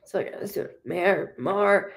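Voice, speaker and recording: A psychic medium gives a reading on a live stream, talking in a halting, rambling way with many restarts. She is emotional and blunt, swears freely, and has a fairly low voice with lively intonation.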